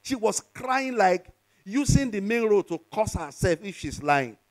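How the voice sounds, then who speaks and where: A man's voice: high-pitched, very animated, a little slow. A Nigerian pastor, a man, preaching a sermon with call-and-response to his congregation and slipping from English into Yoruba.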